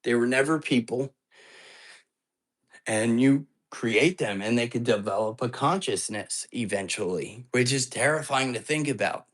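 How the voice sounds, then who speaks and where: A man of middle pitch tells a story in an easy, chatty way on a live ghost-hunting stream. He sounds earnest and uneasy as he recounts a long phone call. He rambles, often breaking off and starting his sentences again. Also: unhurried. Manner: earnest and anxious, rambling with restarts.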